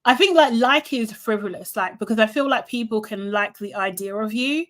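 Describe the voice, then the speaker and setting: A woman's voice: fairly high pitch, normal speed, fairly bright tone. A woman co-hosting a podcast, recapping a reality show in casual chat and acting out quotes with lots of laughter. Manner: chatty, laughs often, acts out quotes. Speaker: podcast co-host.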